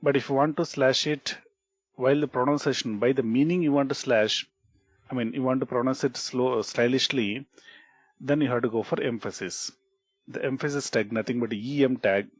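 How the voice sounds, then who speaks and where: This programming instructor, a man with an Indian English accent, talks at a moderate pace and medium pitch in an echo-free screen recording. His coding lesson is explanatory and repetitive, peppered with "okay" and "right?", and he sometimes restarts words.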